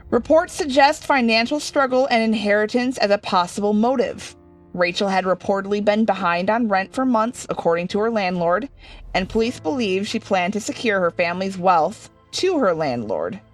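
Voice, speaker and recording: A young woman hosting a horror game playthrough, reading the game text aloud with joking asides. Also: medium pitch. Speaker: gaming video host. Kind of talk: casual let's-play commentary.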